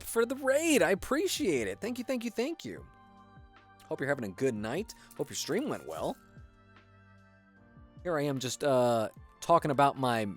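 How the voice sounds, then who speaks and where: A streamer chatting casually during a livestream, rambling and swearing with lots of fillers. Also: medium pitch. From United States. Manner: rambling, profane storytelling with many fillers. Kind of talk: casual chat while building on a livestream.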